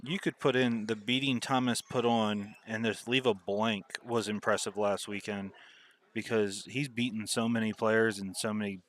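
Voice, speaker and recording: A man's voice: on the low side, fairly even intonation, normal speed, fairly bright tone. A man doing casual live commentary on a pool match, joking around and laughing often.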